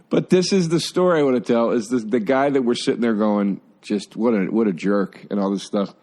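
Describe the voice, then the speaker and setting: A man, a guest on a podcast, telling excitable, laughing stories in casual chat. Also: moderate pace. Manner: excitable, laughing storyteller with lively swings in pitch.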